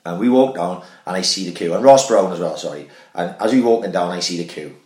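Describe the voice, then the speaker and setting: A man's voice: low voice, fast. A man in casual podcast chat, telling a night-out story with lots of swearing. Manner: sweary, animated storyteller who drops his voice for asides. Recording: echoey room.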